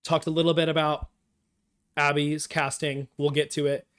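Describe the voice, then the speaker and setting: A man's voice: fairly high pitch, flat delivery, normal speed, fairly bright tone, clear, resonant tone. A man streaming live, chatting casually and enthusiastically as he recaps and reacts to a TV episode. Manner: enthusiastic, rambling recap with quoted lines. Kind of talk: casual show discussion.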